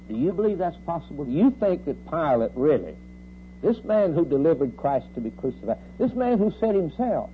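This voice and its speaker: Male preacher, sermon, rhetorical questions, swings from loud to hushed, thin phone-like old recording, faint hum. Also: big pitch swings, normal speed. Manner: rhetorical questions, rising to loud outbursts then dropping low.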